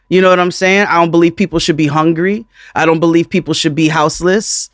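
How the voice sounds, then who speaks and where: A man co-hosting a podcast in casual chat, animated and profane, often breaking into laughter. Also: on the high side, fast, few pauses, no room sound, clean studio sound. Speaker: podcast co-host.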